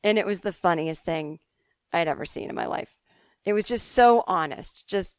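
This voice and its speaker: A woman's voice: on the low side, moderate pace, dry recording, studio quality. A woman in her forties from the Boston suburbs, hosting a podcast and talking candidly and chattily as she answers listener emails. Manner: candid, chatty, swears, laughs easily. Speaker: podcast host.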